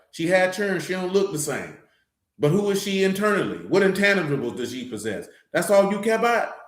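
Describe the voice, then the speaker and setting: Streetwise guy preaching blunt and casual, kinda high voice, roomy echo. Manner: blunt, streetwise, repeats "you know what I'm saying". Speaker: teacher of a scripture study assembly. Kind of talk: loose conversational bible teaching.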